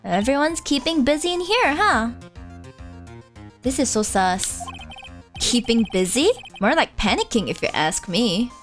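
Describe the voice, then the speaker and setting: A woman's voice: a little high, very animated, measured pace, faint music behind. A woman streamer giving playful gaming commentary, laughing often as she reads the game aloud.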